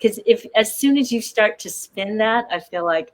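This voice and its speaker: Woman, mid-pitched, actor, panel talk, chatty, self-deprecating, hesitant fillers. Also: expressive, moderate pace, rough recording. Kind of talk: panel discussion.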